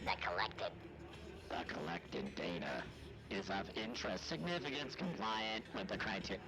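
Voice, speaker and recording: A man's voice: low-pitched, expressive, normal speed, pitched below the performer's own voice, low-quality recording. A man voicing a cold, formal male machine intelligence through a voice-changer filter, with stiff clipped phrasing. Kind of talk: in-game voice acting on a stream.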